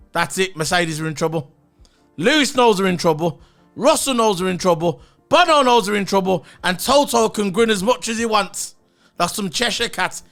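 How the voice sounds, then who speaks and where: A man's voice: sits high, a bit bright. A man giving a blunt, opinionated solo review of a race, swearing and repeating his points. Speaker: motorsport commentator.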